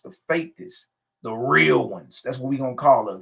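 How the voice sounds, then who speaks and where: A man's voice: mid-range voice, wildly swooping pitch, normal speed, creaky, fairly bright tone. A man reading a spiritual text aloud and preaching on it emphatically, repeating phrases and adding slangy asides. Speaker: spiritual teacher.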